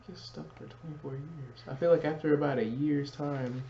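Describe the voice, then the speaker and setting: A co-host jokes along in slangy, casual chat, voice at a middle pitch. The room is echoey and the sound dull, with a faint hiss behind. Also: fairly even intonation, fairly quick. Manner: joking, slangy, eager reactions.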